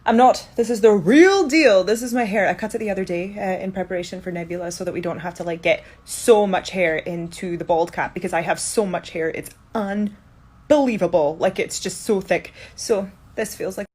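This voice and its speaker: A woman's voice: fairly quick, few pauses, slightly rough. Scottish woman in her thirties, casual and chatty, tired and half-asleep, recorded herself at home. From Scotland. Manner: chatty, with lively upward jumps in pitch. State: low energy, half asleep. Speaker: actor answering fan assumptions. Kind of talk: casual chat. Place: indoors at home, in one room.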